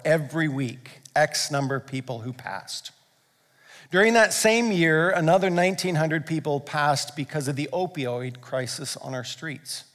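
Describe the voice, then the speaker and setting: A male pastor preaching a sermon, earnest and building to fervent emphasis. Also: fairly high pitch. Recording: long hall reverb.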